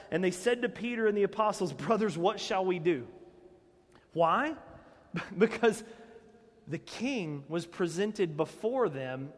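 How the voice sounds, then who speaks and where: Pastor, man, high-pitched, conversational animated sermon, church hall reverb. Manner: conversational, animated preaching with direct questions.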